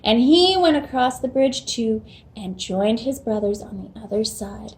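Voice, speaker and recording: Slow, gentle storytime woman. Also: a little high. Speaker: children's program host. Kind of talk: children's storytime reading.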